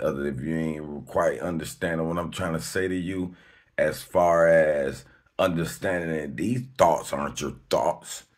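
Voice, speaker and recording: A man hosting his own video, talking off the cuff in a slangy, emphatic way, swearing freely and laughing between points. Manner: emphatic, slangy and rambling, with sudden high-pitched outbursts. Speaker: video host. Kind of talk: unscripted monologue to camera.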